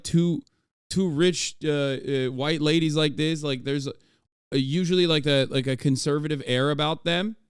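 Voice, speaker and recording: A man reacting to podcast clips on a livestream, rambling excitedly and swearing freely. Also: on the high side, smooth, dry recording, studio quality.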